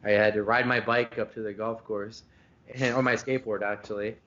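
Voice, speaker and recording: A man's voice: on the low side, little pitch movement, brisk, a bit bright, lo-fi sound. A man hosting a podcast, telling a rambling, profane story in casual chat over a video call. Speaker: podcast host.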